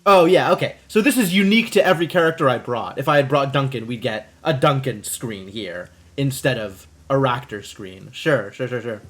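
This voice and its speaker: A young man streaming a video game, chatting animatedly with his audience and laughing often. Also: mid-range voice. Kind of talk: casual live-stream commentary.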